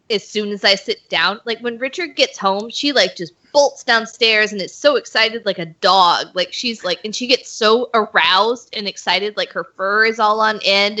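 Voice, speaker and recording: A woman's voice: mid-range voice, pushed and bright. A woman guest chatting casually over a video call, candid and swearing freely, a bit tipsy. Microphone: video call mic. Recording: muffled lo-fi stream audio.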